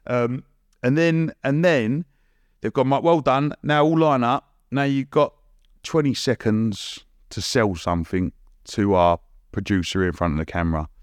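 A young man with a London accent, a podcast guest telling a story in a lively, cheeky way, acting out what people said and laughing often. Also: medium pitch, unhurried, clear, resonant tone, no room sound, studio quality. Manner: blunt and cheeky, swears casually. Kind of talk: casual storytelling.

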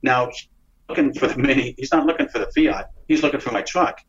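A man, an interview guest, telling a dramatic story in a rambling, excited way with frequent restarts and swearing. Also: medium pitch, fairly quick. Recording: dull lo-fi recording.

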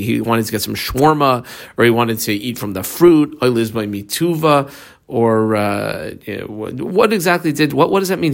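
A man's voice: medium pitch, creaky. A man teaching a Talmud class, reading each Hebrew or Aramaic phrase aloud and then explaining it in English. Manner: guides students through marking the text.

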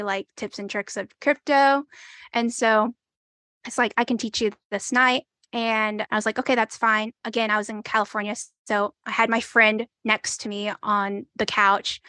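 A woman's voice: fairly high pitch, bright, forceful tone, no room sound. A woman in her twenties telling her story in an interview, hesitant, full of "like" and acting out what people said. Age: 20s. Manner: hesitant, fills with "like" and acts out quoted dialogue. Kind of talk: conversational storytelling.

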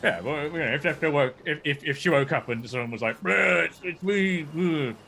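A man's voice: a little high, brisk, fairly bright tone, soft background music. A man playing in a tabletop game, rambling and stumbling over his plans. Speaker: player.

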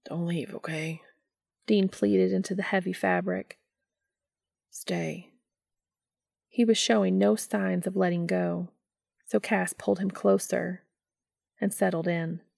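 A woman reading fan fiction aloud in a slow, subdued narration. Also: mid-range voice, level tone, gravelly, a little mellow, no room sound, studio quality. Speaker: reader.

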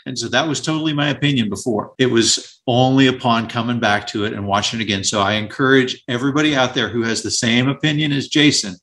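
A man hosting a movie podcast, chatting excitedly and speaking directly to his listeners. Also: medium pitch, fast, hardly any pauses. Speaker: podcast host. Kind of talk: casual podcast chat.

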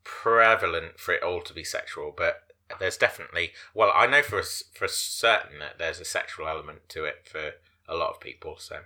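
Chatty man with a bright voice. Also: sits low, fairly quick. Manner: chatty, rambling, stumbles over words. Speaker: podcast co-host. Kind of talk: casual podcast chat.

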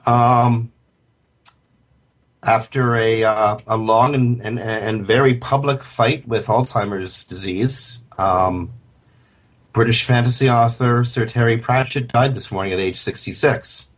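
A man's voice: mid-range voice, fairly even intonation, a little slow. A man co-hosting a web radio show in casual, chatty talk full of fillers and restarts. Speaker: podcast co-host.

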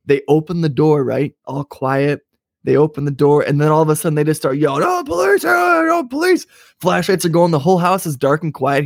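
Gravelly young guy ranting mad on a podcast, cursing a lot. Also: fairly high pitch, darkish tone, no room sound, studio quality. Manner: angry, profane ranting. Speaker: podcast co-host. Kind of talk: casual chat.

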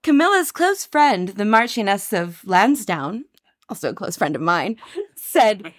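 A woman's voice: mid-range voice, big pitch swings, measured pace, no room sound, clean studio sound. A woman co-hosting a casual podcast chat, reading out quotes with wry, playful commentary. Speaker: podcast co-host. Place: Paris.

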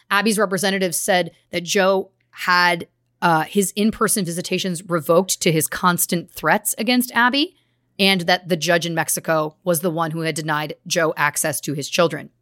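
A woman's voice: fairly low pitch, fairly bright tone, no echo, studio quality. A woman co-hosting a true crime podcast, reading case details with earnest, grave emphasis. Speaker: podcast co-host.

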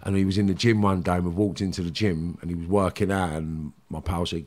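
A middle-aged man, telling stories bluntly in casual chat, full of swearing and halting restarts. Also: sits low, level tone, darkish tone. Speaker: podcast guest.

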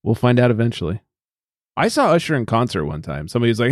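A man's voice: mid-range voice, wildly swooping pitch, quick pace, no room sound, studio quality. A man co-hosting a beer podcast in casual, jokey chat, laughing often. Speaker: podcast co-host.

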